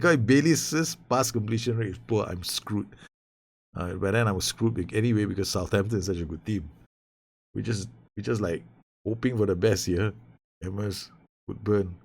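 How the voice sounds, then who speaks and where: A man giving excited, nervous live commentary on his own football management game, swearing and shouting orders at his players. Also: on the low side, moderate pace, gravelly, long pauses, husky. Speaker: gaming YouTuber.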